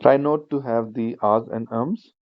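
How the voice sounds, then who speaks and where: A man leads an online speaking-skills lesson in a voice of ordinary pitch, going through points step by step and repeating them. He leans on "you know" and "uh" as he explains. The sound is dry and a little dull, like a typical video-class mic. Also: unhurried, dry recording. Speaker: speaking exam teacher. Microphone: shared screen video class.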